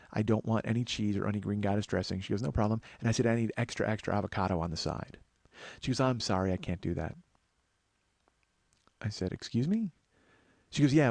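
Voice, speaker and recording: A man's voice: medium pitch, a little mellow, no echo. A middle-aged man, a comedian and podcast host, telling a story as an exasperated, swearing rant. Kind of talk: storytelling monologue.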